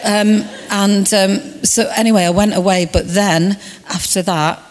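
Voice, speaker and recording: A woman's voice: mid-range voice, steady tone, unhurried, in a large hall. A woman with a Mancunian accent giving a nervous, hesitant personal testimony in church. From Manchester, England. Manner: nervous, hesitant, with fillers and restarts. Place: church hall.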